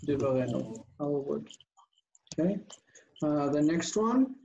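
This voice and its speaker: A man's voice: on the high side, animated, slow, vocal fry, warm tone, dull audio, a little hiss or hum. A man teaching a Hebrew grammar class online, patiently drilling word forms and quizzing his students. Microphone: video call.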